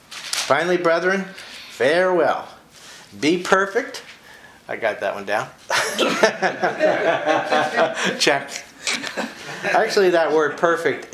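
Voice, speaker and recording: A man teaching the Bible in a relaxed, conversational way, often chuckling and reading verses slowly with emphasis. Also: mid-range voice. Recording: echoey room with faint ambient noise.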